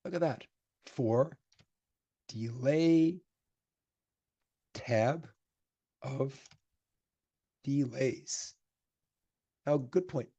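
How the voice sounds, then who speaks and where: Man live-coding in a lecture, husky voice. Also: mid-range voice, dark tone, muffled recording. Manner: chatty, thinks aloud while typing code; gets emphatic when giving advice. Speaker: programming instructor.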